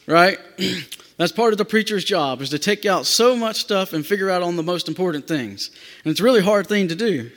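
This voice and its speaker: A male pastor with a notably high voice delivers an emphatic sermon, repeating phrases to drive them home. The sound rings with a long reverb, as in a church sanctuary. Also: expressive, moderate pace, fairly bright tone.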